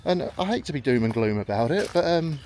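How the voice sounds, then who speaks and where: A man's voice: on the high side, expressive, a little fast, darkish tone. A middle-aged man talking casually while walking in a park, telling stories and acting out what people said. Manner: chatty storytelling, acts out quoted voices. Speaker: vlogger. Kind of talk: rambling walk-and-talk vlog. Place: outdoors in a park. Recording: faint outdoor background noise.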